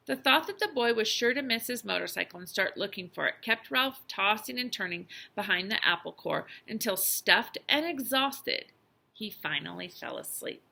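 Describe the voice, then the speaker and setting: Woman teacher, reading a children's book aloud, gravelly voice, lively, expressive. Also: mid-range voice, moderate pace. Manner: expressive storytelling with lively emphasis.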